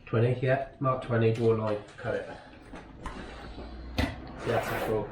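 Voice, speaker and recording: Joking electrician in an echoey bathroom. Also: male voice, fairly low pitch, steady tone, measured pace. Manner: joking, instructive banter. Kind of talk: casual on-the-job chat. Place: bathroom being renovated. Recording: echoey room, distant mic, noisy.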